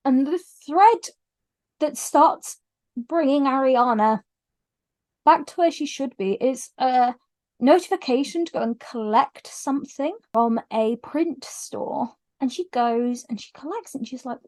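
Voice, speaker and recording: Woman book vlogger, high voice, gushing and teary, lively casual retelling. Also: measured pace. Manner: frequent restarts when moved. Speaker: book reviewer. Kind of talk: casual book review vlog.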